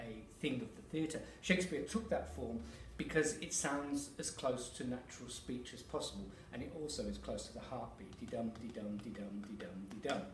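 A theatre director and actor giving an educational talk to camera. He explains at an unhurried pace, pauses on fillers, and taps out rhythms. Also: medium pitch, slight background noise. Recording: roomy echo, distant mic, faint ambience.

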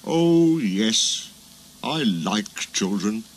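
A man's voice: fairly low pitch, expressive, very noisy. A man voicing an old male traction engine who is sad but proud, talking in a wistful, reminiscing way. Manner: wistful, slow-paced reminiscing. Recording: music playing behind.

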